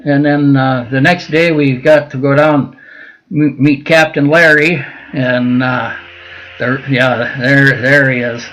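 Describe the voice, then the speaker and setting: Here the Minnesota veteran's voice sits in the mid-range, steady in tone, slow and a bit bright. As a guest in a casual storytelling interview, he wanders through long tales with many fillers and restarts, captured on a low-quality recording with a little hiss or hum.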